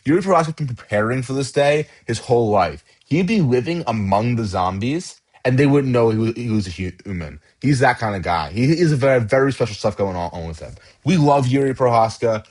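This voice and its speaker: A man's voice: mid-range voice, expressive, darkish tone. Rambling man doing casual commentary. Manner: rambling, halting, lots of fillers and restarts. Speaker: channel host. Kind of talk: casual tier-list commentary.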